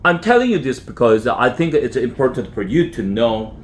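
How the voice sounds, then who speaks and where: A man's voice: medium pitch, a little hiss or hum. A man with a Korean accent, an English teacher reading a children's novel aloud with careful pronunciation. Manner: careful, deliberate reading with lively intonation.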